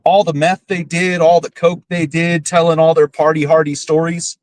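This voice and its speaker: A man's voice: on the high side, level tone, moderate pace, a little mellow, a little hiss or hum, poor audio. A man hosting a podcast, ranting bluntly and profanely with scorn. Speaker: podcast host. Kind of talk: casual ranting commentary.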